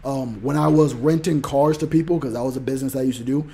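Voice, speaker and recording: A man telling a story in an animated rant, acting out what people said and swinging between loud outbursts and mumbling asides. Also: mid-range voice, quick pace, gravelly, slightly rough. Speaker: motivational podcaster.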